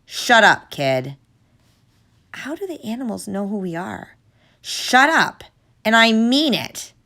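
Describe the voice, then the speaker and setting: A woman's voice: mid-range voice, very animated, fairly quick, gravelly, pitched above the performer's own voice. Woman doing a bullying, barking security guard. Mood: furious. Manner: barking, bullying, shouting orders. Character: gruff menacing male zoo security guard.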